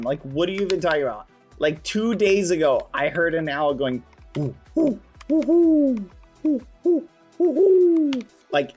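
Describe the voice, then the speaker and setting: Excitable man chatting to his stream. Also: a little high. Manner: excitable, swaps swears for clean words; talks straight to his chat. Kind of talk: live-streamed gameplay chat.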